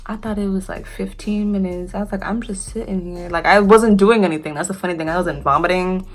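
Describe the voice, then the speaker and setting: A woman's voice: medium pitch, brisk, soft background music. A young American woman casually telling a storytime tale, chatty, laughing and swearing freely. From United States.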